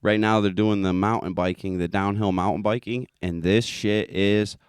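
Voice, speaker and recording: A man's voice: lowish voice, fairly even intonation, moderate pace, clean tone, no room sound, clean studio sound. A man hosting his own podcast, ranting bluntly and mockingly in a casual, heavily profane monologue. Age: adult with children. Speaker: podcast host.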